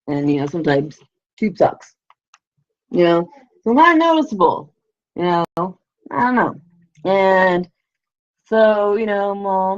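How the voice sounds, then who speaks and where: A woman telling a story casually on a livestream, rambling and peppering it with "you know", "like" and the odd swear. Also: lowish voice. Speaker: livestream host. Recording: lo-fi livestream audio.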